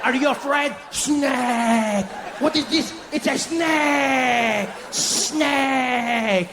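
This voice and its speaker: A man's voice: very high-pitched, very slow, shouting, a crowd in the background, background noise, pitched above the performer's own voice, heavily acted. A man voicing a pushy French tourist father with a put-on French accent, teasing and incredulous. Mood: mocking.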